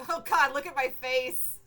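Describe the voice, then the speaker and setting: A woman's voice: high voice, slow, pushed and bright, full character voice, poor audio. A woman reading a rebellious young witch heroine in a sarcastic, defiant tone.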